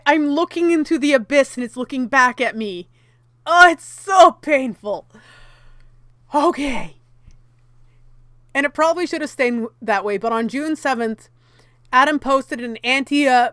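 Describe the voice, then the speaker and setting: A woman's voice: high voice, a bit bright, dry recording, studio quality. A woman commentary YouTuber reading from an article and reacting in a heated, exasperated way, with many fillers.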